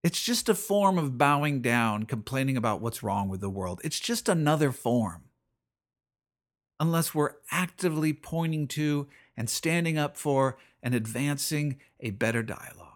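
This middle-aged podcast host has a mid-range voice and speaks animatedly at a normal pace. He offers an earnest personal reflection on faith, often repeating phrases and restarting sentences.

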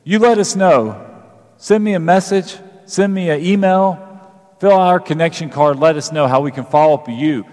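A male pastor giving a sermon, reading scripture and then leading an altar call with rising fervor and drawn-out pauses. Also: fairly high pitch, a little mellow, in a large hall.

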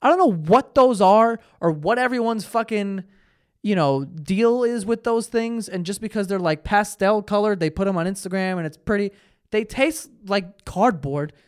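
A man's voice: high-pitched, lively intonation, moderate pace, clear, resonant tone, dry recording, clean studio sound. A tired young man hosting a solo podcast, telling stories in a rambling, profane, self-interrupting way. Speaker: podcast host. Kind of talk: solo casual podcast monologue.

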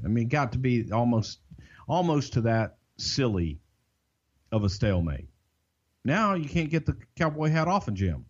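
A man's voice: mid-range voice, expressive. Southern man, co-host, drawling and emphatic, swears freely; slightly muffled podcast mic. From Southern United States. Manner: drawn-out, emphatic, salty storyteller. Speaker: podcast co-host and wrestling insider. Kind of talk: casual storytelling. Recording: dull lo-fi podcast audio.

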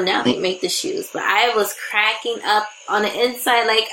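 A woman co-hosting a podcast, telling stories in an animated, laughing way while tipsy from drinking. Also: high voice, brisk, a little hiss or hum, low-quality recording. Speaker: podcast co-host. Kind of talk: casual chat.

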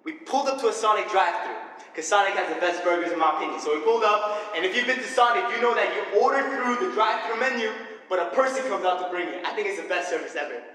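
A young man preaching a sermon full of personal stories, energetic and animated, laughing often. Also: sits high, quick pace. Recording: echoey hall with faint ambience.

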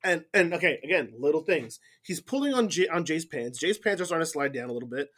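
A man chatting casually on a wrestling podcast, retelling a match blow by blow in an animated way. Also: fairly high pitch, fast.

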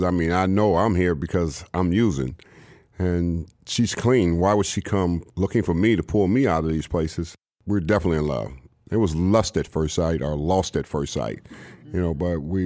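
A man's voice: deep voice, darkish tone, dry recording, studio quality. A man looking back candidly on his addiction, plainspoken and reflective. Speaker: guest sharing recovery story. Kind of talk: candid personal testimony.

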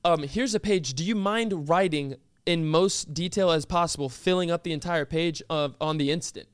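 A stern, coldly polite store manager woman, put on by a man in a lowered, quieter voice. She is flat and formal, hesitates with ums, and is bone-dry and close. She stays calm and never raises her voice. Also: moderate pace, clean tone, no room sound, close to an everyday voice. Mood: stiff, formal.

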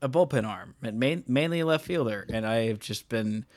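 A man's voice: medium pitch, lively intonation, moderate pace, no echo. A man co-hosting a casual sports podcast, talking in a chatty, joking way with lots of fillers. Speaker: podcast co-host.

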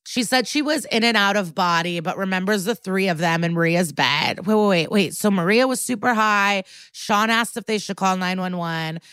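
A woman's voice: mid-range voice, moderate pace, hardly any pauses, a bit bright, smooth, dry recording, studio quality. A woman co-hosting a podcast, chatting casually as she retells a TV episode scene by scene and slips into quoted voices. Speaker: podcast co-host.

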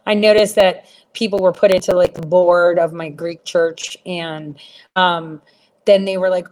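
A woman's voice: fairly low pitch, steady tone, measured pace, a little mellow. A middle-aged woman talking to viewers in a rambling, blunt, profane rant, full of fillers. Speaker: livestream host answering viewers.

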